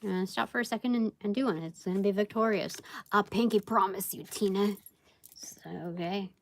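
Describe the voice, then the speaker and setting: A woman's voice: mid-range voice, fairly even intonation, moderate pace, slight background noise. A woman giving a casual live tarot reading, rambling and thinking aloud with many fillers. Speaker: tarot reader.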